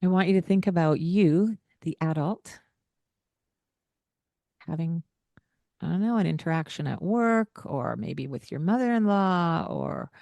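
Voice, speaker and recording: Podcast host, woman, lowish voice, earnest coaching manner, dry close mic. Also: lively intonation, measured pace, creaky, long pauses, mellow, no room sound. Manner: earnest, coaching tone with frequent fillers. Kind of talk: casual parenting podcast chat.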